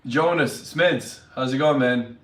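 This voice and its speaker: A man's voice: mid-range voice, takes it slowly, fairly bright tone. Aussie guy chatting on a livestream, upbeat, mic set back, roomy echo. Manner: upbeat, greets viewers by name. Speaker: fitness vlogger. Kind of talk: casual livestream chat. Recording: echoey room, mic at a distance.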